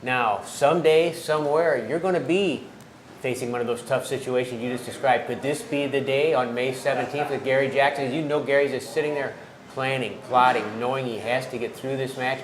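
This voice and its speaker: A man interviewing wrestlers for a wrestling TV show, asking measured questions. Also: medium pitch, fairly even intonation, a little hiss or hum. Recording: echoey room.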